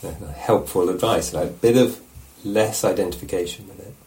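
A man teaching meditation, giving a relaxed, musing dharma talk at a retreat and often checking in with his listeners. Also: sits low, brisk, slight background noise, rough recording. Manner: reflective, musing, asks questions of the listeners. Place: meditation hall.

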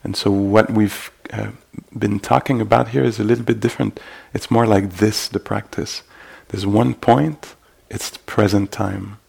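Man, gravelly and flat, halting dharma talk. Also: lowish voice. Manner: halting, full of fillers and gentle asides. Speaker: meditation teacher. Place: meditation retreat hall.

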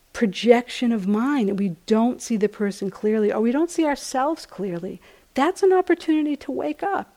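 Gravelly-voiced woman giving a dharma talk. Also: a little high. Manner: gentle, conversational, many "you know" fillers. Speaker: meditation teacher. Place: retreat center hall.

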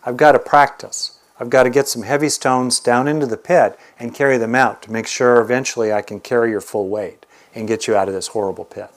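A man's voice: mid-range voice, steady tone, brisk, hardly any pauses, lightly acted. A kind, earnest gorilla who speaks plainly and patiently, as a male storyteller puts him on. He sounds like a helper in a fable told aloud. His voice sits a touch above the teller's own. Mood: eager. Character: gentle male gorilla, a patient hidden Buddha.

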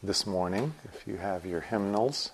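Slow, low-voiced male meditation teacher. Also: slight background noise. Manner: unhurried, gently joking. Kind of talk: retreat morning instructions. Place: meditation retreat hall.

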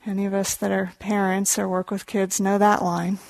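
A woman meditation teacher telling a story in a dharma talk, in a gentle, unhurried storytelling manner, explaining contemplative terms. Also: medium pitch, level tone, gravelly, no room sound.

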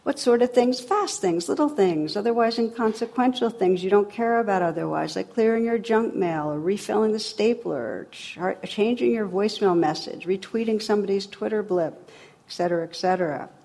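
A woman's voice: medium pitch, brisk, creaky, mellow. A middle-aged woman giving a dharma talk as a meditation teacher, wry and humorous, then reflective.

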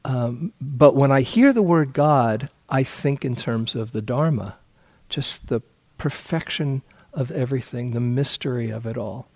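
Man, meditation teacher, unhurried dharma talk, mid-pitched, relaxed anecdotes. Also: no room sound. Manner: relaxed storytelling with soft laughs.

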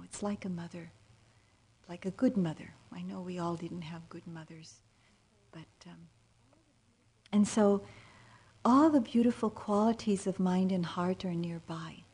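A woman meditation teacher giving a dharma talk in a low, warm voice. Her tone is breathy and soft-spoken, sometimes sinking almost to a whisper. She is gentle and unhurried, and her speech is full of small fillers. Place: meditation retreat center.

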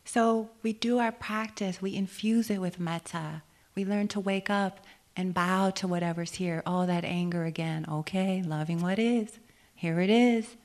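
A woman meditation teacher giving a dharma talk on retreat, gentle and reflective, often asking questions and laughing easily. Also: medium pitch, a little slow.

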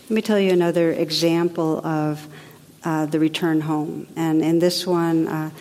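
A woman meditation teacher giving a spiritual talk in a gentle, reflective, unhurried way with soft drops in her voice. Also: low voice, fairly even intonation. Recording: long reverb of a large hall.

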